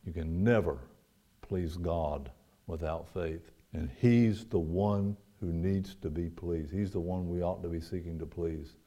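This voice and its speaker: A man preaching a sermon, rising to loud emphatic peaks and dropping to quiet, low asides. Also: a little slow.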